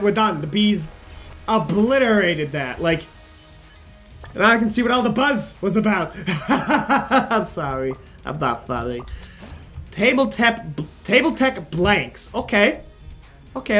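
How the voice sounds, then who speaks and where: A man's voice: high-pitched, expressive, measured pace, pauses often, fairly bright tone. A young man hosting a gaming channel, rambling and joking with plenty of swearing as he comments on his play. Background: faint game music.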